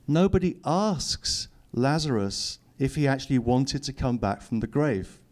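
A man's voice: mid-range voice, lively intonation, a little slow, a little mellow. A middle-aged man, reading his own book aloud to an audience and adding dry, teasing asides. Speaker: author giving a public reading. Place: lecture hall.

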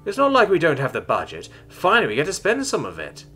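A man voicing a brisk, chirpy woman giving orders over a call. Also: a little high, huge pitch swings, pushed and bright, faint music behind, pitched above the performer's own voice, exaggerated voice. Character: curt female officer on a call, brisk.

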